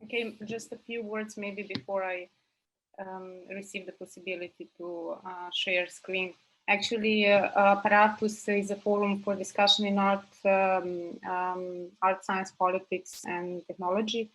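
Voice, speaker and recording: A woman's voice: mid-range voice, flat delivery, a little slow, rough recording. Hesitant woman presenting on a video call. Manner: hesitant, many fillers and restarts. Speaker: university teacher presenting a publication.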